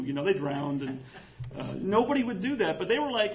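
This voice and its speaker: A man preaching an animated, jokey sermon in church, acting out quoted voices. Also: sits high, a little fast, highs cut off, crowd noise. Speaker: pastor.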